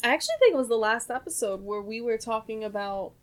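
A woman's voice: on the high side, expressive, fast. A young woman from New Jersey with a light Jersey accent, co-hosting a podcast in casual, giggly chat. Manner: giggly, chatty, slips into voices. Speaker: podcast co-host.

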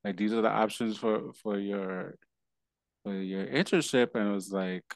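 Low-voiced male host, dry close sound. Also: no echo. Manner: rambling, halting restarts, laughs while venting. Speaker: podcast host. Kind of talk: casual conversation.

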